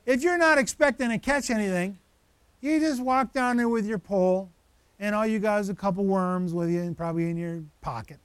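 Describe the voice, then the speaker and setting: Animated high-voiced male pastor. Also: fairly quick, clear, resonant tone, no echo. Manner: animated, conversational with asides to the audience. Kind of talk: sermon.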